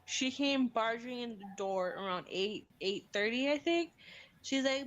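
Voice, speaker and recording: Animated young mom telling stories. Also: female voice, on the high side, measured pace, highs cut off. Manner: animated storytelling, acts out quotes. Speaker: vlogger and mother. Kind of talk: casual chat.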